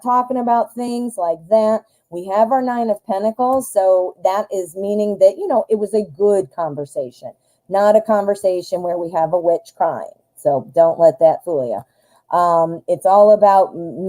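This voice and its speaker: A woman's voice: medium pitch, dark tone, low-quality recording. A woman from the United States hosting a live-stream tarot reading. She rambles, thinks aloud with many fillers, goes off on tangents, and jokes at her own expense. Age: adult, married. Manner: self-deprecating humor, goes off on tangents. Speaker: tarot reader host.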